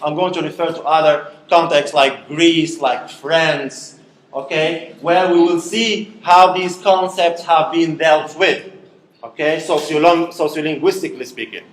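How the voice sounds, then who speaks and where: A man's voice: fairly high pitch, steady tone, unhurried, a little hiss or hum. A male university lecturer, giving a classroom lecture, questioning students and saying "okay" often. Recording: echoey classroom.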